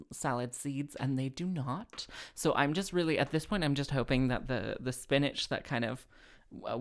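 A woman rambling casually to her listeners, full of fillers, restarts and wry asides. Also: a bass voice. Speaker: podcast host and singer.

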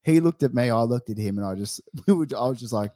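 Lively Australian man telling a story. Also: medium pitch, fast talker, no room sound, studio quality. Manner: laughing, lively storytelling with slang. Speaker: podcast co-host. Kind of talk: casual banter, telling an anecdote.

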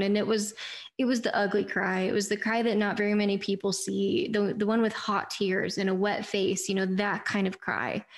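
A woman in her thirties hosting a faith-based pep talk podcast, chatty and earnest, often saying "you guys". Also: mid-range voice. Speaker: podcast host.

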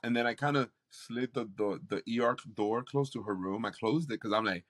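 A man, a campus pastor, telling a personal testimony in conversation, animated and acting out what others said. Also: medium pitch, fairly quick. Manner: animated storytelling, acts out quoted voices.

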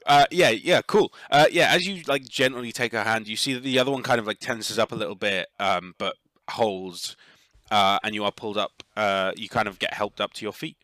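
A man's voice: fairly low pitch, a little fast, a bit bright, dry recording. A man narrating a tabletop role-playing game as game master, in a loose, rambling way full of fillers.

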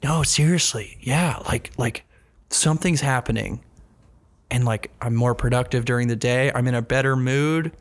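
A man co-hosting a podcast in casual chat, with vocal fry and a rambling, self-mocking sarcastic manner. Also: mid-range voice, moderate pace. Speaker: podcast co-host.

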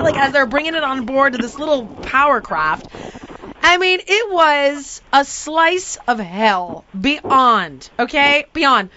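A woman's voice: sits high, animated, measured pace. A woman telling a comic story in a dramatic way, laughing and shrieking when she quotes herself. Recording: dull lo-fi audio with background noise.

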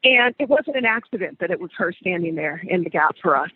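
A man's voice: sits high, lively intonation, a little fast, a little hiss or hum. A man hosting a podcast, telling a story in a conversational way and repeating phrases for emphasis. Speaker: podcast host. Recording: dry, phone-like sound.

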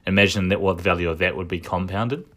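A man with a low, deep voice talks through his thoughts in a casual commentary. He often restarts his sentences and wanders into asides as he goes. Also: fairly even intonation, fast, a bit bright. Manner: thinking aloud, frequent restarts and asides. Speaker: commentator recapping a shareholder meeting.

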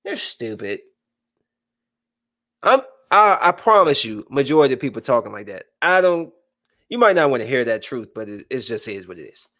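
A man in his thirties giving casual, joking live-stream commentary, swinging between loud bursts and hushed asides. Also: medium pitch, very animated, fairly quick. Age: 30s.

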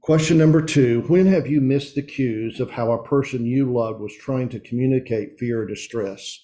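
Earnest middle-aged man, mellow voice. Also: mid-range voice. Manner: earnest, confessional, slows down on emotional points. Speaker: men's group speaker. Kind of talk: heartfelt talk to a men's group.

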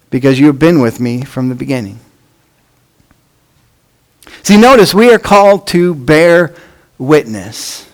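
A man preaching a sermon, with measured phrasing that drops off at the ends of lines. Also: a little high, low-quality recording. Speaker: pastor.

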